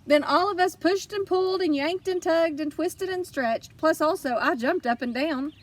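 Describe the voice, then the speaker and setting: A woman narrating a children's audiobook in first person, lively and expressive. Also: very high-pitched, normal speed, recorded from a distance. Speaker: audiobook reader.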